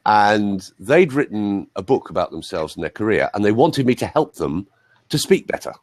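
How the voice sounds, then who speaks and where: A man's voice: fairly low pitch, normal speed, no room sound. A man working as a voice coach, chatting casually and telling rambling anecdotes full of asides. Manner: animated storyteller, rambling asides.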